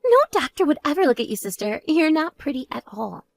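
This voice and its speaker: A woman voicing a spoiled, vain young woman who talks in a mocking, shrill and demanding way. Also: very animated, a little fast, gravelly, no echo, full character voice. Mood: boastful.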